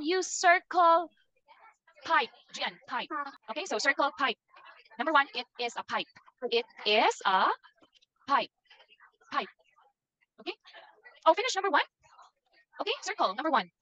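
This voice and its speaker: Woman teaching a young child, slow repeated letter-by-letter spelling, bright high voice. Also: low-quality recording. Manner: patient, spells words out letter by letter and repeats them. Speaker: online English teacher. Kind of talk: phonics lesson with a young child.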